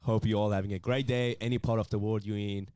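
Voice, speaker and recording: A man's voice: lowish voice, fairly even intonation, fast talker, dark tone, clear, resonant tone, no room sound. A man from Iran, co-hosting a podcast in casual chat and laughing often. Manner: laughs often, playful banter. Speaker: podcast co-host. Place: Melbourne.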